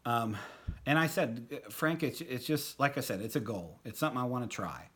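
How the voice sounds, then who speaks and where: A middle-aged man telling a fond personal anecdote at a tribute, halting with many fillers and restarts. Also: mid-range voice, a bit bright. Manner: fond, reminiscing. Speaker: storyteller at a tribute.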